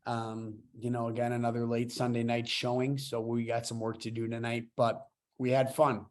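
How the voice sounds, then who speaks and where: This podcast host, a young man in his twenties, speaks at normal speed in an everyday middle pitch. Eager and casual, he rambles and restarts his sentences as excitement takes over.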